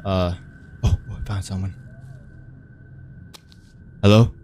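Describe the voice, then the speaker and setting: A man's voice: low voice, level tone, takes it slowly, a little mellow, a little hiss or hum. A young man giving jumpy, cursing commentary while playing a horror game, rambling and poking fun at himself. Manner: jumpy, swears a lot, easily startled; rambling, self-mocking venting. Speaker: gaming video creator.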